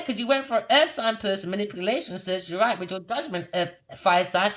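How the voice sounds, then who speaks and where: A woman giving a casual tarot reading in a brash, profane, mocking way, laughing often and swinging between low muttering and loud, high bursts. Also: brisk, hardly any pauses. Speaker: tarot reader.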